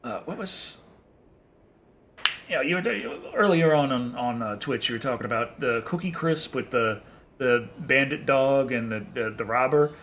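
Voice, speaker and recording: Bright-voiced man rambling casually on stream. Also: mid-range voice, measured pace, slight background noise. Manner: rambling, profane, chuckling. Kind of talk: casual chat with viewers while playing.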